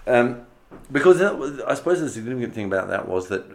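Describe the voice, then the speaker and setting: A man's voice: medium pitch, sing-song, fast, gravelly. A man hosting his own audio show, chatting loosely through a month in review, laughing often and swearing casually. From Australia. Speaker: podcast host.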